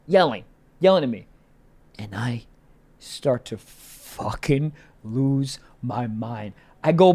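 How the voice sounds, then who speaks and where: A man, a comedian and podcast co-host, telling a story in casual chat, animated and cursing often. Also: medium pitch, slow pace, pauses often. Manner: animated storyteller, swears a lot.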